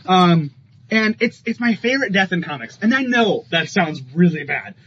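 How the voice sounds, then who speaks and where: A man's voice: high voice, sing-song, moderate pace, a bit bright. A man co-hosting a podcast, chatting casually and enthusiastically about comic books and laughing often. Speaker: podcast co-host. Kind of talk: casual comic book chat. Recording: slightly dull, faint ambient noise.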